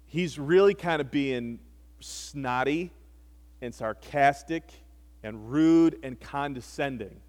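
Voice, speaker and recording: A man preaching a sermon, retelling scripture with animated, wry storytelling asides. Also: a little high. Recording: long hall reverb.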